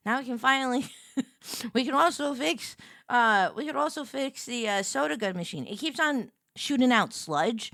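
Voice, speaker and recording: Excitable high-voiced woman streamer. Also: normal speed, no room sound, clean studio sound. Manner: excitable, gushing, thanks viewers effusively. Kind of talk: casual live-stream chat.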